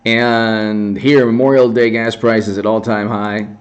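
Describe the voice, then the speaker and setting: A man's voice: lowish voice, level tone, measured pace. A man giving rambling, sarcastic political commentary on a casual livestream, often restarting his sentences.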